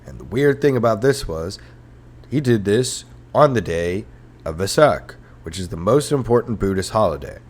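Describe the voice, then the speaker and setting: A man's voice: lowish voice, lively intonation, moderate pace, darkish tone. A young adult man hosting a comedy history podcast, ranting irreverently with sarcasm, swearing, and rambling fillers. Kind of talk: casual comedic rant. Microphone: headphones and podcast mic.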